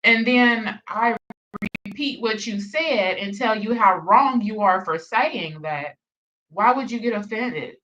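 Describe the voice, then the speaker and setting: A woman's voice: medium pitch, takes it slowly, sharp tone, recorded from a distance, highs cut off. A woman hosting a reaction channel, ranting bluntly with heavy profanity and repeated emphasis. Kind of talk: reaction commentary rant.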